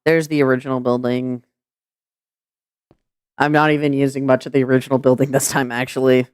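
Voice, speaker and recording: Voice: mid-range voice, level tone, brisk, clear, resonant tone, no echo, studio quality. A streamer from Washington State with a Pacific Northwest American accent, chatting casually and rambling with lots of fillers and swearing. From Washington State, USA. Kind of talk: casual chat on a live stream.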